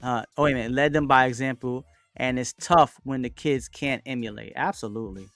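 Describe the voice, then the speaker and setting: A man's voice: mid-range voice, a little fast, no echo. A man hosts a casual live stream, talking loosely and answering viewers' comments as they come in. His voice sounds dry and close, with faint music playing underneath. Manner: relaxed, chatty, with frequent fillers and shout-outs. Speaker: livestream host. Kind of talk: casual livestream chat.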